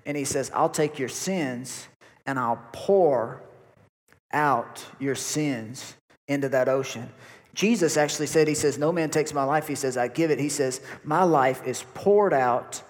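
A man's voice: medium pitch, a little slow. A man, preaching a folksy sermon to his congregation and repeating words as he goes. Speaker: pastor. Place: church hall. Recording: long reverb of a church hall.

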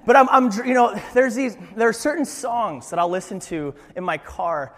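A young man preaching a sermon in an animated, joking way, with frequent restarts. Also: high voice, moderate pace, in a large hall. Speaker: pastor.

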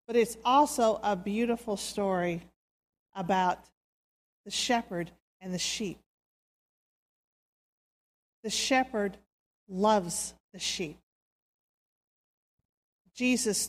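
A woman preacher giving a sermon, telling a story in a slow, soft, dramatic way. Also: medium pitch. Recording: reverberant hall.

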